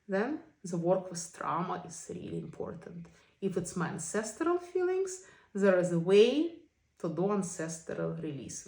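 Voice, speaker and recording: A woman's voice: medium pitch, a little mellow. A woman teaching a self-compassion session in English that is not her first language, often checking in with "okay?". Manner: non-native English phrasing. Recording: echoey room.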